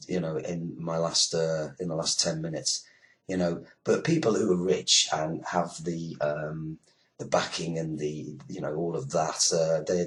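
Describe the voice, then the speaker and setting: A British man hosting an internet radio show, rambling sarcastically with swearing and lots of fillers. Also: rumbling low. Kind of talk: casual ranting monologue.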